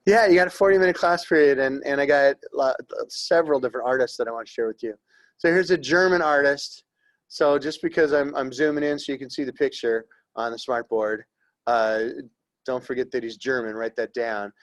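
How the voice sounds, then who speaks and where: A man's voice: mid-range voice, brisk. A middle-aged man teaching an art history class in a classroom, rambling and joking as he talks. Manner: rambling, conversational, jokey.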